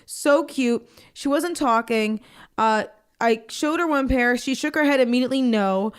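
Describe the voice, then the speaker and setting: A woman's voice: a little high, unhurried, smooth. A young woman co-hosting a podcast, chatting casually and acting out the people in her anecdote. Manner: chatty, animated, acts out voices in anecdotes. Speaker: podcast co-host. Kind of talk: casual chat, storytelling.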